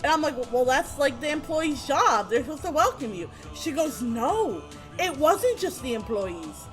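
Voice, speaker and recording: A young woman recounts a chaotic day in a casual storytime, her high voice leaping wide as she laughs and swears. She slips into quick impressions of the people she met. A faint bed of music sits under her talk. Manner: animated, laughing, swearing freely, acts out quotes.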